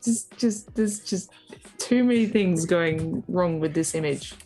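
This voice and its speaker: A woman's voice: on the low side, slow, warm tone, faint music behind. A woman from Australia, playful and self-deprecating, chatting casually on a livestream while she draws. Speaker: streamer and artist.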